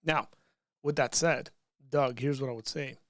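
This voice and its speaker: A man's voice: mid-range voice, fairly even intonation, measured pace, dry recording, clean studio sound. A man hosting a casual livestream, reading out chat questions and answering them in a loose, conversational way with frequent restarts.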